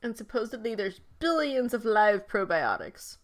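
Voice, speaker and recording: A woman co-hosting a travel podcast in casual chat, teasing her co-host in quick, playful banter. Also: fairly high pitch, sing-song.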